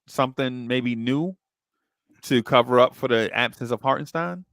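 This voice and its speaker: A man with a gravelly, creaky voice hosts a casual watch-along, reading out chat comments and calling the action as it unfolds. He jokes and teases his co-hosts. The sound is dry and close. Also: mid-range voice, normal speed, a bit bright, dry recording. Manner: teasing, calls plays as they happen. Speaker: podcast host reading chat.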